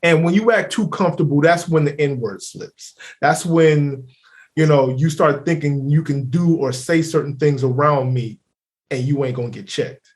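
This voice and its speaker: A man's voice: on the high side, normal speed. A man co-hosting a podcast in casual chat, rambling with many fillers and speaking emphatically. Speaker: podcast co-host.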